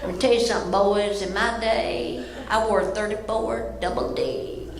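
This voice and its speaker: A woman performing a stand-up comedy set, folksy and self-mocking, jumping up high on her punchlines. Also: steady tone, moderate pace, a crowd in the background. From Kentucky, US. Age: 50s. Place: comedy club stage before a live audience. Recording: roomy live venue with audience noise.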